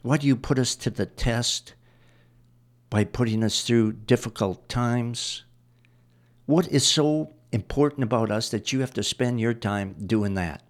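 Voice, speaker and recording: A man preaches a sermon in a medium-pitched voice at a measured pace, working through scripture verse by verse. He explains each line and repeats phrases to drive his points home.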